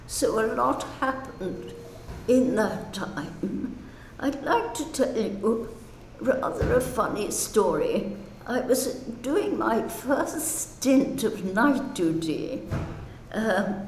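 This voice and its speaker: Brief: older woman, retired nurse, slow gentle storyteller, roomy recording. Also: mid-range voice, a little hiss or hum. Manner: gentle, reminiscent, slow with fillers and soft laughs. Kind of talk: personal storytelling. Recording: roomy echo with faint ambience.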